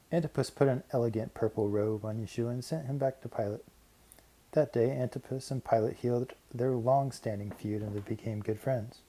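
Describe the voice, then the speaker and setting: A man narrating a Bible passage in a measured, steady reading. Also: medium pitch, slightly rough, low-quality recording. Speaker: Bible reader. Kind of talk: scripted narration.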